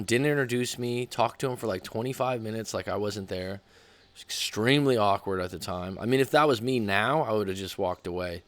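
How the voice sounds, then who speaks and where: A man's voice: lowish voice, fairly bright tone, no room sound. A man, a dating coach, telling a personal story in a candid, rambling way that often corrects itself.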